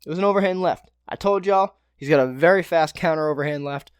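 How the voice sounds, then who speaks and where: A young man talks through fight results on his solo podcast, loose and profane, tossing in joking asides. His voice sits a touch high for a man. The sound is dry and close, with no room behind it. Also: fast talker, clear, resonant tone, no echo. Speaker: podcast host. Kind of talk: casual solo fight breakdown.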